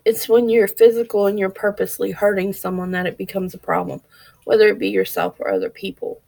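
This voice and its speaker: A woman's voice: mid-range voice, flat delivery, brisk, creaky, darkish tone, no echo, rough recording. A woman vlogging candidly and earnestly, speaking straight to her viewers. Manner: earnest, open, talks to viewers directly. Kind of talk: candid personal vlog.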